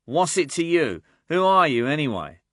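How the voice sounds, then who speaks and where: A man's voice: fairly high pitch, very animated, moderate pace, fairly bright tone, no echo, clean studio sound, voice pushed up. A man doing a sneering gang boy. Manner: sneering, mocking. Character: sneering teenage boy gang leader, scornful. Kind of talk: audiobook character voice.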